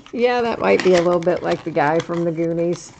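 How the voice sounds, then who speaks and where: A woman's voice: lowish voice, muffled recording, noisy background. A middle-aged woman hosting a live card break stream, chatting casually, laughing often, reading out cards and viewer comments.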